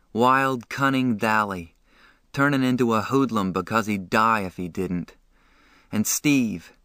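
A man narrating a novel in the first person, reading with feeling and a lower, sharp-edged voice. The recording is close and completely dry, with no room around him. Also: no echo. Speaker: audiobook narrator.

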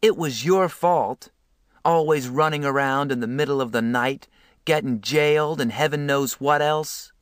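Man putting on a shrill, bitter mother. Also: measured pace, clear, resonant tone, no echo, clean studio sound, lightly acted. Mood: indignant. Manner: shrill, accusing. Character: hard, bitter middle-aged mother.

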